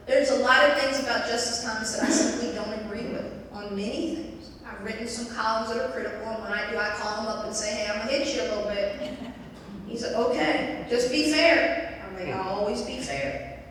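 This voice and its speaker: A woman's voice: on the high side, slight background noise. A middle-aged woman giving a talk as a guest speaker, telling a story and acting out the voices of the people in it. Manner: animated, acts out quoted voices. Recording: echoey hall from far off.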